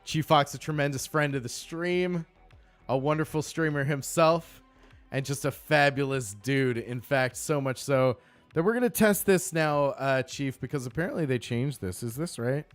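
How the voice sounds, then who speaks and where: A man's voice: mid-range voice, normal speed, dry recording, faint music behind. A man chatting casually on a game live stream, upbeat and greeting viewers by name.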